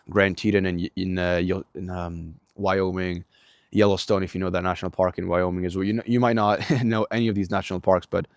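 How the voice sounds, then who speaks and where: A man's voice: low-pitched, no echo, studio quality. A young man with a Swedish accent talks through his day in a casual vlog, rambling with many fillers and restarts, and swears often. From Sweden. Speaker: vlogger.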